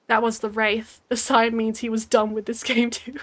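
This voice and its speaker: A woman's voice: a little high, level tone, moderate pace, fairly bright tone. An Australian woman in her twenties, a game streamer reading a dating game aloud with giggly, wry asides. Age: 20s.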